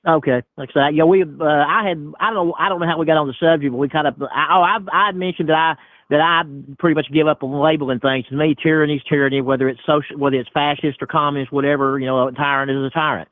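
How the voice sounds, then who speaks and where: A man's voice: a little high, steady tone, fast talker, no echo. A man calling into a live chat, rambling and repeating himself. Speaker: caller. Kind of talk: phone call-in chat. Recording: dry tinny phone line.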